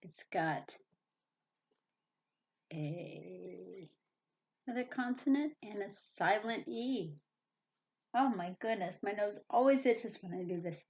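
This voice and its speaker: A woman teacher gives young children a reading lesson at a slow, patient pace, spelling each word letter by letter. Her voice sits at an ordinary middle pitch. The recording is slightly dull and lo-fi. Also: animated, darkish tone.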